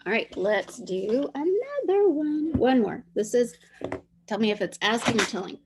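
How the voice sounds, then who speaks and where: Slow, patient woman teacher. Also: fairly high pitch, animated. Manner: slow, patient, sounding out words letter by letter. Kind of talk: dictation lesson for young children.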